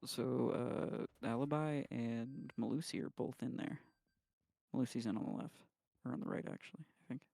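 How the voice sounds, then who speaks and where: A man with a gravelly voice trades profane, teasing banter while playing a game. The mic is close and dry, with no room sound. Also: medium pitch, fairly even intonation, moderate pace, dark tone, dry recording. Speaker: streamer's friend and teammate. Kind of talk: casual chat while gaming.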